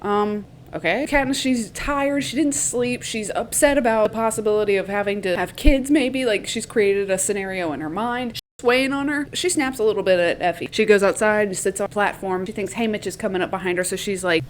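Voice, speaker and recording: A woman's voice: mid-range voice, a little fast, few pauses, slight background noise. A woman with a Southern US accent, casually recapping a book in a chatty, swearing, playful way.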